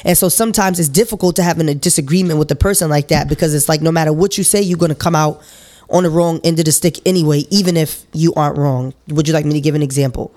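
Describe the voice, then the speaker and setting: A woman's voice: deep voice, fast talker, mellow. Hesitant woman in casual talk. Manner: hesitant, full of "like" and "you know". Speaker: podcast co-host.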